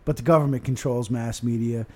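A man's voice: mid-range voice, steady tone, a little fast, dark tone. A man in casual chat, talking bluntly and emphatically with plenty of swearing.

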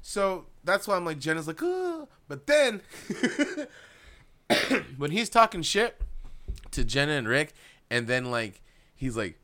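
A man's voice: on the high side, very animated, measured pace, long pauses, sharp tone. A man co-hosting a podcast, chatting casually and swearing a lot, acting out quotes as he goes. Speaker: podcast co-host. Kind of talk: casual chat recapping a show.

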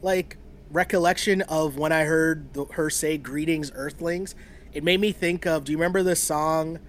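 A man's voice: fairly high pitch, steady tone, normal speed, slight background noise. A man in his thirties co-hosting a casual chat, rambling through a theory with frequent laughs. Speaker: podcast co-host. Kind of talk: casual chat about a reality show.

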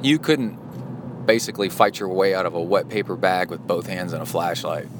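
A man voicing a calm, blunt male Zen monk in a story he tells, over road noise from a car. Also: low voice, moderate pace, close to an everyday voice. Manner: cutting, matter-of-fact.

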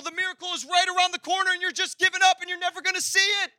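Pastor, male, very high and bright voice, passionate sermon, dry sound, soft music under. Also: fairly even intonation, very fast, hardly any pauses, no room sound. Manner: passionate, swings between loud and quiet. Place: church hall.

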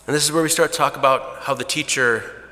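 Bright-voiced preacher in a reverberant hall. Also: male voice, medium pitch, fairly even intonation, fast. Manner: conversational, hesitant restarts, drops to a hushed voice for emotional moments. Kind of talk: sermon storytelling. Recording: long reverb of a large hall.

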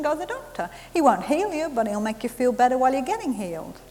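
Woman preaching in an echoey hall. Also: on the high side. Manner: animated storytelling, laughs at herself. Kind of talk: sermon with testimony. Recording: hissy recording in a reverberant hall.

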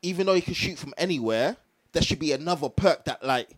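A young man argues his case on a casual podcast. His voice sits a little high and swings in pitch. He pushes every point with emphasis. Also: lively intonation, quick pace. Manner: argumentative, emphatic. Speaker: guest. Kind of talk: casual chat.

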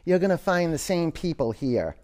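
A man voicing an old wise man at a town gate in a spoken parable, with a gravelly edge. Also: high voice, sing-song, moderate pace, warm tone, pitched above the performer's own voice, heavily acted. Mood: calm.

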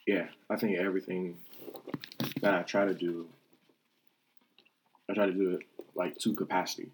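A man who is a pastor, chatting casually on a podcast, laughing easily and pausing to think aloud. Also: low-pitched, level tone, background noise. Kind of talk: casual chat.

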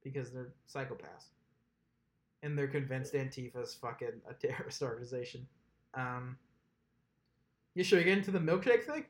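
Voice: mid-range voice, moderate pace, pauses often. Chatty podcast host, acts out what people said, laughs a lot, echoey room. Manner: animated storytelling, imitates people, laughs often. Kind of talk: casual chat. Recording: roomy echo.

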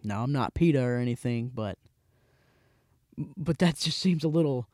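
A man's voice: medium pitch, moderate pace, no room sound. Dry-voiced young man telling a rambling story. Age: 20s. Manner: rambling, with frequent restarts and animated quoted voices. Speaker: podcast host. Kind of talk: casual storytelling.

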